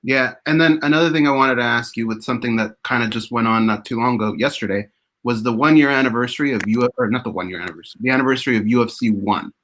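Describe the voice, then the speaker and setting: A man's voice: mid-range voice, quick pace, fairly bright tone, poor audio. A man hosting a radio show, asking questions in a chatty, friendly way. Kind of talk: casual interview questions.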